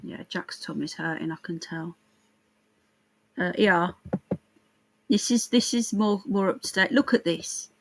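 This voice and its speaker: A woman's voice: fairly low pitch, unhurried, pauses often, background noise. Blunt, sweary woman streaming live. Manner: blunt, sarcastic and sweary, chatting to viewers. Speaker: livestream host. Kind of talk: casual live-stream chat.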